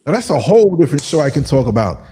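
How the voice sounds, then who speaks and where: A man's voice: fairly high pitch, very animated, rapid-fire, warm tone, breathy edge. An American man living abroad, telling a story in a casual podcast chat with sarcastic asides over a remote call. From United States. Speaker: podcast host. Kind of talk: casual conversation. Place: living in Africa.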